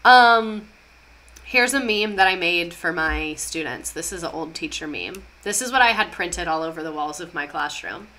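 Bright-voiced chatty young woman. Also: lowish voice, animated, normal speed. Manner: chatty, sarcastic, reads chat aloud. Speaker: streamer teaching history. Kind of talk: casual livestream history lesson.

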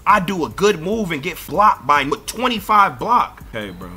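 Brief: young male gamer on headset, bright forceful tone, bossy and defensive, faint music behind. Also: a little high, very animated, measured pace, husky. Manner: bossy, argumentative, gets loud and defensive. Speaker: gamer streaming a pickup basketball game. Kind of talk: heated gaming voice chat.

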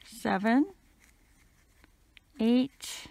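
A woman teaching a crochet pattern, counting stitches out loud, her voice a little crackly today. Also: on the high side, creaky, no echo. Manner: slow, steady counting. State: slightly crackly voice. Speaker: crochet instructor.

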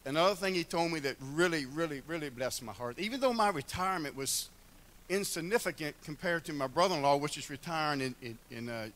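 A man's voice: on the high side, expressive, fairly quick, fairly bright tone. An older man giving a heartfelt church address, telling folksy stories with humor. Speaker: church member speaking at a retirement celebration.

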